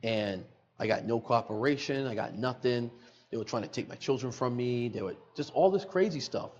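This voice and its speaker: A man's voice: medium pitch, moderate pace, muffled recording. A middle-aged man, a podcast guest, telling an emotional personal story in earnest, repeating phrases for emphasis, recorded in a studio.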